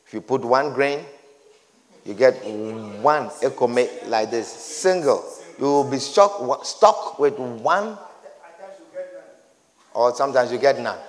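Male preacher, emphatic and repetitive delivery, swooping lively pitch. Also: slow pace, pauses often. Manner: emphatic, repetitive, rising to shouts. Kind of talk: sermon. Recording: reverberant hall.

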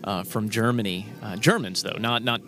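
A man's voice: on the low side, moderate pace, fairly bright tone, soft background music. Rambling man, guest, full of ums. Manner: rambling, hesitant, heavy on "uh" and "um". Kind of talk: casual chat.

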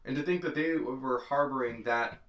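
A man's voice: medium pitch, normal speed, fairly bright tone. A man co-hosting a casual movie podcast, laid-back and blunt in his comments. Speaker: podcast co-host. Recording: echoey room.

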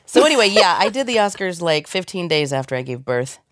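This woman, a voice actor appearing as an interview guest, has a cold but chats with lots of energy and laughs frequently. Her voice is fairly low and she talks rather quickly, on a dry recording.

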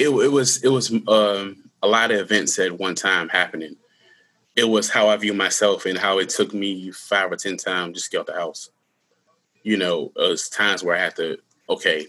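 A man in his thirties telling his personal story in an interview, earnest and candid, with halting restarts. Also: low-pitched, fairly even intonation, pushed and bright. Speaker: guest; school security worker.

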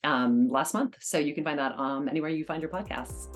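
A woman guest on an interview podcast, a charity auctioneer talking in an upbeat, energetic way. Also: deep voice, a little fast, soft background music. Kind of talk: casual conversational interview.

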